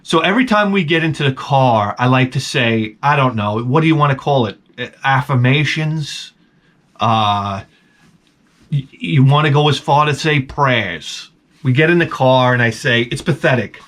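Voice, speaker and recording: A middle-aged man hosting a video, telling a casual, rambling story to camera with jokes and sudden excited jumps in his voice. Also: medium pitch, normal speed. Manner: rambling and jokey, voice jumping up when excited. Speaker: video host.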